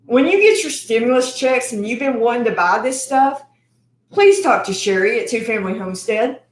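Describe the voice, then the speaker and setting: A woman's voice: a little high, lively intonation, normal speed. A middle-aged woman, hosting her cooking channel livestream in a rambling, chatty way, sometimes talking while eating. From Texas. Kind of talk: casual livestream chat. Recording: echoey room.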